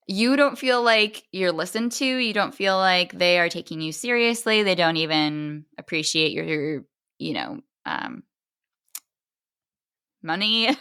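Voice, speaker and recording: A woman hosting a parenting podcast, explaining her point and acting out customer-service exchanges in animated quoted voices. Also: medium pitch, clear, resonant tone. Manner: explanatory, acts out quoted dialogue in lively voices. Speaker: podcast host. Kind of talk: parenting advice monologue.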